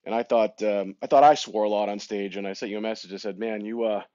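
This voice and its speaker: A man's voice: fairly low pitch, fairly even intonation, quick pace, mellow, no echo. A man who says he is sick, asking a guest a question in a friendly, hesitant way with lots of fillers. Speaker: audience member asking a question. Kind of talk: casual chat. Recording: dull, dry audio.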